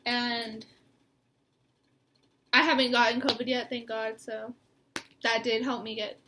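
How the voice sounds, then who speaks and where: Bright high-voiced tearful young woman. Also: level tone, measured pace, slight background noise. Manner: rambling, laughing through tears. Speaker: co-host. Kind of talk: emotional personal sit-down talk. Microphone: mic.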